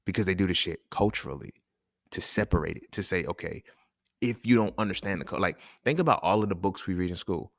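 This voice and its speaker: A man's voice: deep voice, animated, fairly quick, creaky, no echo, studio quality. A man hosting his own talk show, delivering a casual, profane monologue full of slang and laughter. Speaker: podcast host.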